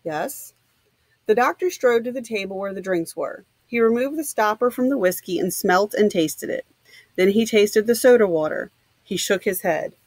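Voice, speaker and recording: A woman reading a novel aloud in an even, measured narration. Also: mid-range voice, dry recording, low-quality recording. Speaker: audiobook reader.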